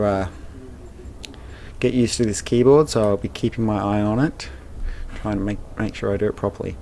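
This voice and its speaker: A man's voice: on the low side, mellow, slight background noise. A man hosting a casual let's play, narrating his gameplay in a rambling way with plenty of fillers. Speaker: game channel host.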